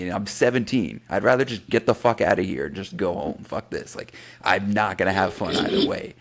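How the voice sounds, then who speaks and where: A man with a low, gravelly voice and plenty of vocal fry, chatting casually as a podcast co-host. He is from South Florida and tells his stories with a profane, animated energy, acting out other people's lines as he goes. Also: brisk. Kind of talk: casual chat.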